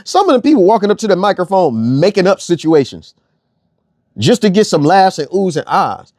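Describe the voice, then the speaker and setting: A man's voice: sits high, very animated, normal speed, a little mellow, no echo, clean studio sound. A young man delivering a blunt, profane rant as an online commentator, repeating phrases for emphasis. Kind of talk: ranting monologue.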